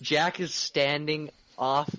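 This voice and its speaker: A man playing a tabletop game, asking rules questions and thinking out loud. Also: on the high side, steady tone, slow pace. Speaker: player. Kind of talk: casual tabletop play.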